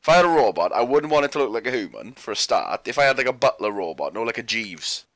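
Bright-voiced man joking crudely. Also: medium pitch, sing-song, fast, dry recording. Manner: jokey, crude, laughing. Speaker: podcast co-host. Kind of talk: casual chat.

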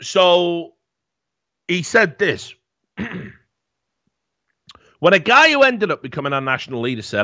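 A man's voice: mid-range voice, big pitch swings, measured pace, pauses often, bright, forceful tone, no echo, dull audio. A man hosting a podcast in casual chat, sarcastic, swearing and laughing as he talks. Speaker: podcast host.

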